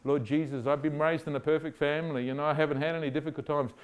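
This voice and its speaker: A male preacher delivers a sermon with animated storytelling. He keeps asking his listeners questions, and his voice sits high for a man. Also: quick pace, clear, resonant tone.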